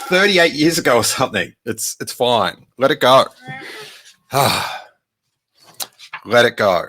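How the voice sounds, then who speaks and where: A podcast host reading a children's book aloud, jokey and animated, breaking in to do character voices and make asides. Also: male voice, mid-range voice, measured pace, pauses often, slight background noise. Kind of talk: casual read-aloud with commentary.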